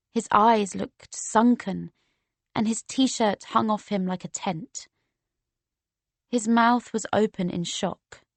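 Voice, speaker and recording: A woman reading a first-person novel aloud as an audiobook narrator, steady and measured. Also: medium pitch, dry recording.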